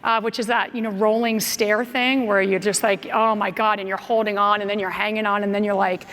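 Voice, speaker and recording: An American woman gives a motivational keynote in a large conference hall, telling stories a little fast in a medium-pitched voice. She's a lively storyteller who acts out her own lines and others', and the recording has long reverb and slight background noise.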